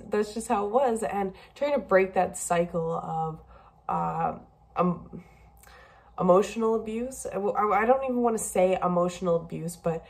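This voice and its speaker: A young woman talking candidly in a personal video diary, emotional and a bit rambling, tearful at times. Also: on the low side. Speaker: vlogger.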